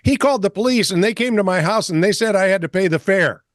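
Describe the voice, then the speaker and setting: A man's voice: high-pitched, fast talker, no room sound, studio quality, lightly acted. A man voicing an angry, demanding hospital patient on the phone, ranting with mounting indignation. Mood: indignant.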